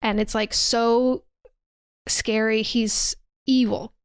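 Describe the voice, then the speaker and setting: A woman's voice: a little high, flat delivery, takes it slowly, clean tone, no echo, studio quality. A woman hosting a podcast, casually recapping a horror movie, swearing and acting out the characters' lines. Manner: chatty, acts out quotes, swears freely.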